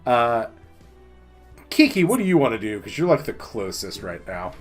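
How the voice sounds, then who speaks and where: Lively-voiced man running a tabletop game. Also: medium pitch, moderate pace, faint music behind. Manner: casual, laughing often. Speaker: game master.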